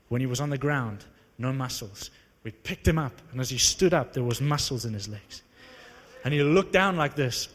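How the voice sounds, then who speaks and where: A man preaching to a live audience, telling a story in an animated, conversational, self-mocking way. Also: medium pitch. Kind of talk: sermon storytelling. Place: large hall with live audience. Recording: long reverb of a large hall.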